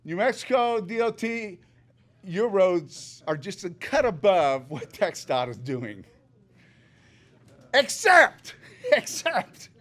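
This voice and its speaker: A retired older man speaking during public comment at a meeting, chatty and joking, with an upbeat manner, at a podium microphone in a meeting room. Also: high voice.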